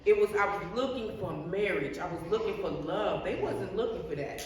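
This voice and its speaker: A woman's voice: medium pitch, expressive, moderate pace, a little mellow. Middle-aged woman telling her life story, earnest and repetitive, heard from a distance in a reverberant hall. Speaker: guest sharing life story. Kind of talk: personal testimony. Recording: echoey hall, distant mic, faint noise.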